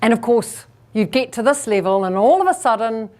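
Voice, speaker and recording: A woman public speaking coach giving a keynote speech to a live audience. She plays out quick asides and leans on deliberate pauses and shifts in pace. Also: fairly high pitch. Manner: lively, acts out listeners' inner thoughts in quick asides.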